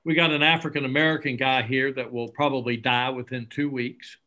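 A man's voice: mid-range voice, fairly quick. A middle-aged man, an interview guest who founded a charity, telling stories earnestly and acting out bits of dialogue. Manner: earnest, animated, acts out dialogue. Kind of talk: conversational storytelling.

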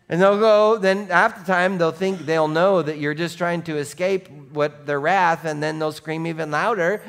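A man preaching a sermon as pastor, animated, going from soft asides to shouts and acting out what people say. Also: high voice, normal speed. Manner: animated, swings between soft and shouting, acts out quotes.

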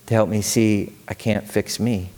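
A male pastor preaching a sermon, animated and storytelling, asking the congregation questions. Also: lowish voice, unhurried.

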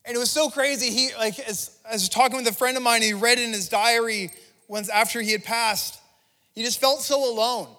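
A man's voice: extremely high pitch, brisk, sharp tone, in a large hall. A male pastor giving an impassioned, conversational sermon, restarting phrases as he preaches in a church. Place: church sanctuary.

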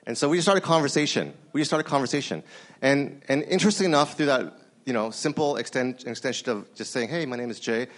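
A man's voice: medium pitch, fast. A man preaching a sermon in a conversational storytelling way, talking straight to the audience and acting out the dialogue he quotes. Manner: animated, acts out quoted dialogue; conversational, addresses the audience directly.

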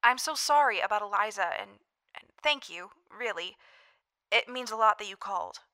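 An actress playing a caring female doctor who speaks gently and stammers a little. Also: mid-range voice, animated, moderate pace. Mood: reassuring. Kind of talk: audio drama acting.

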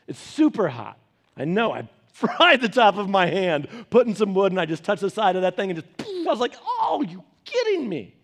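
Lively high-voiced pastor telling stories. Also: male voice, moderate pace. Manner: animated storyteller who acts out quoted voices. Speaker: pastor teaching a Bible study. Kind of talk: conversational sermon.

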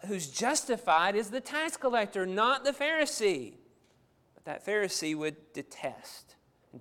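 A man's voice: high voice, a bit bright. A man preaching a sermon in an earnest, emphatic manner, often repeating words as he builds his point.

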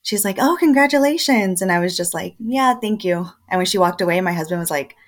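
A woman in her late twenties with a somewhat low voice, chatting as a podcast guest. She tells her story casually and with energy, laughing often and putting on little voices for the people she quotes. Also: quick pace. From El Paso, Texas. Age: 20s. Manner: lively, often laughing, acts out quoted dialogue.

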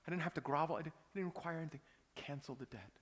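A pastor preaching a sermon, telling a personal story that swings from hushed whispers to loud outbursts. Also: male voice, fairly high pitch, very fast, in a large hall, background noise.

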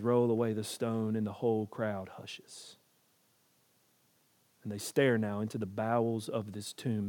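A man preaching a sermon, telling the story dramatically and swinging from hushed lines to booming ones.

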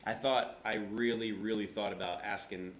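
Speaking at a moderate pace, the pastor has a lowish, steady, fairly bright voice. His sermon is conversational and story-driven, full of self-deprecating jokes and reenactments of what he used to say. Faint hum and roomy echo color the recording.

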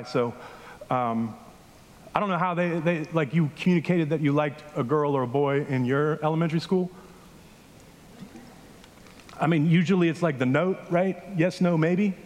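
A pastor with a fairly high voice preaches a casual, story-driven sermon in a large church hall, frequently putting questions to the congregation.

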